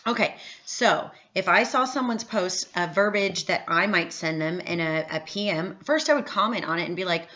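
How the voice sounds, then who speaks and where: A woman's voice: lowish voice, expressive, normal speed, few pauses, pushed and bright. A woman giving a casual, chatty training talk, upbeat and full of fillers. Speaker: network marketing trainer. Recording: slightly dull lo-fi audio.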